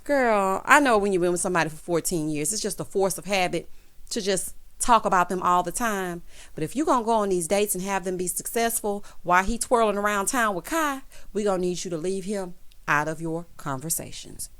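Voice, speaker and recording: A sassy young woman dishes on a reality show episode, voice at an ordinary middle pitch. She keeps calling her viewers honey and baby and slips into little voices to act out quotes. Casual recap talk straight to her audience. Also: fairly quick, a bit bright. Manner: acts out quoted lines in changed voices.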